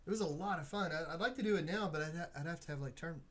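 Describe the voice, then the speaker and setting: A man's voice: fairly high pitch, rapid-fire. A man co-hosting a casual chat, joking in a laid-back way. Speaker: co-host.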